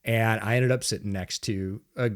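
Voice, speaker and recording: A man co-hosting a sports podcast, telling stories in a casual, animated way and laughing often. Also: on the low side, normal speed. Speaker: podcast co-host. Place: home studio.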